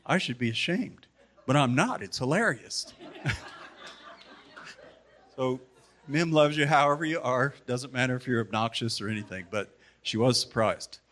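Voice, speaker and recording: A man giving a memorial tribute to a gathering, telling stories about the one remembered with pauses and restarts. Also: medium pitch, a bit bright. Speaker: community member giving a tribute.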